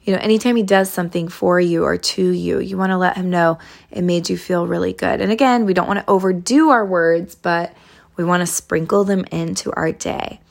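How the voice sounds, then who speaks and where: A woman hosting a relationship advice podcast, talking gently and casually with lots of fillers and restarts. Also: lowish voice, brisk, vocal fry.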